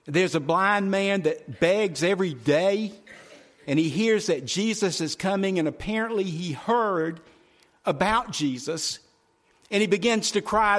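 A male preacher delivering a sermon in a slightly high voice, folksy and direct with his congregation. He swings between loud, pressing phrases and quiet, hushed ones. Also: animated, a little slow.

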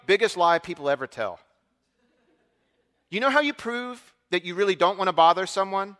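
A middle-aged man telling a story from the pulpit, acting out the voices of the people in it. His voice is high, bright and forceful. It rings with the long reverb of a large hall. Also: moderate pace, long pauses. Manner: animated storyteller, acts out other voices. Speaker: preacher. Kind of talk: storytelling sermon.

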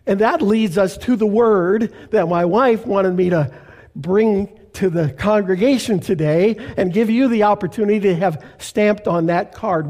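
An older man from Canada, a pastor preaching a sermon in a slow, deliberate way with emphatic pauses. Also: sits high, a little mellow.

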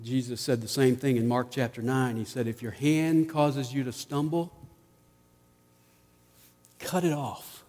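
A man preaching a sermon as pastor, rising to emphatic peaks and dropping to quiet asides. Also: medium pitch, steady tone, unhurried, pauses often, big-room sound.

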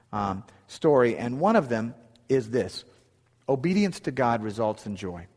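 A middle-aged male pastor delivers a sermon in an earnest storytelling way, often restarting his phrases. His voice sits at an ordinary pitch for a man. It rings out with a long reverb from a church hall.

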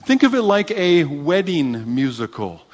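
A pastor delivers a sermon in a voice pitched a little high for a man. He preaches with animated emphasis and often restarts his phrases. His voice rings with the long reverb of a large hall. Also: measured pace.

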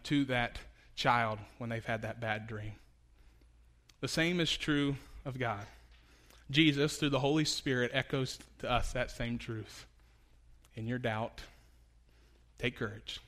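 A man preaches a sermon with a bright, ringing voice, pitched a little high for a man. He talks conversationally, with fillers and restarts, and leans into his points with lively emphasis. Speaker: pastor.

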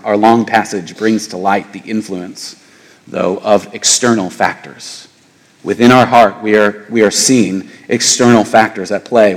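Preaching man in an echoing hall. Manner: animated preaching, rising to high emphatic questions. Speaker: pastor. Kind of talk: sermon. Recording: reverberant hall.

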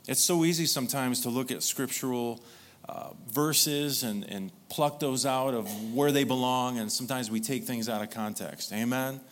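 A man's voice: medium pitch, moderate pace, a little hiss or hum. Man preaching with congregation call-outs. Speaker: pastor. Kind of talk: sermon.

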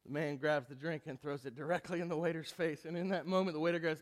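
Sex: male. Role: pastor. Style: conversational sermon. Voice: high-pitched. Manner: storytelling, stammered restarts. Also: fairly even intonation, fast.

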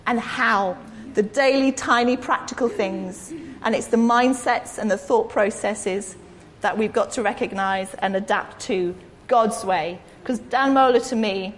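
A woman's voice: on the high side, a little hiss or hum. A woman giving an informal, rambling, self-deprecating sermon in a church hall. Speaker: preacher. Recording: echoey hall.

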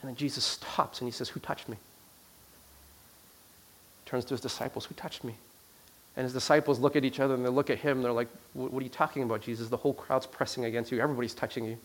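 A man preaching to a congregation in an ordinary, mid-pitched voice. He tells stories with lively swings from loud emphasis down to a near-hush, and he often stumbles into repeated words and restarts. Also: racing, hardly any pauses. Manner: animated storyteller, swings from loud emphasis to hushed quiet. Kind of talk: sermon storytelling.

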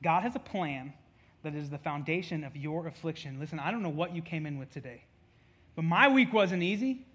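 Bright high-voiced casual preacher man. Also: expressive, a little fast, husky. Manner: chatty, jokey asides, acts out quotes. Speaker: pastor. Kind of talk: casual conversational sermon.

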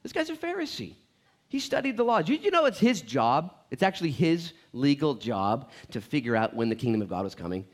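A man in his thirties preaching a relaxed, story-driven sermon, his voice sitting a touch high and swinging widely in pitch. He jokes with the room and often doubles back on his words in quick restarts. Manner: animated, joking, storytelling with repeated words. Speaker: pastor. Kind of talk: conversational sermon.

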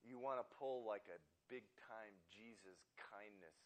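A man's voice: fairly low pitch, measured pace. A man preaching a sermon, telling a rambling, self-deprecating story full of restarts and asides. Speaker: pastor.

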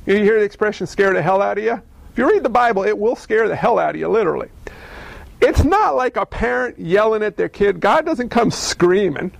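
A man preaching a sermon, telling stories in a conversational, animated way and asking the audience questions. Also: high-pitched, brisk, creaky, no room sound. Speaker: pastor.

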